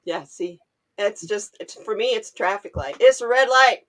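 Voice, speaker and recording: Laughing, animated woman in casual chat. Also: mid-range voice, moderate pace. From Oregon. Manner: animated storyteller, laughs often.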